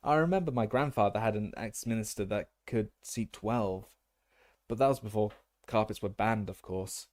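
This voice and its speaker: A strict, upright elderly official from a storybook, voiced by a male reader. His speech is clipped, dry and low, with a bite of impatience. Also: moderate pace, darkish tone, close to an everyday voice.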